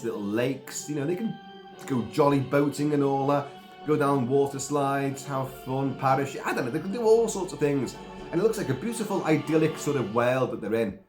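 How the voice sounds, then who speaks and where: Chatty man with a cough, animated. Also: mid-range voice, moderate pace, echoey room, faint music behind. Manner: chatty and rambling, with asides and mild swearing. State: sick with a cough. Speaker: film reviewer. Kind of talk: casual spoken film review.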